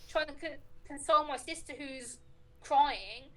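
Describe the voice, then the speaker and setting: A woman's voice: high-pitched, a little slow, fairly bright tone, low-quality recording. A woman guest telling stories in casual chat, acting out the conversations she recounts. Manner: chatty, recounts talks with lots of quoted dialogue.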